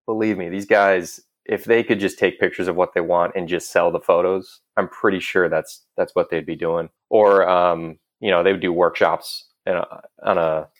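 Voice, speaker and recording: A man in his thirties in a casual conversation, telling stories with self-deprecating humor and frequent laughs. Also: deep voice. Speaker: guest.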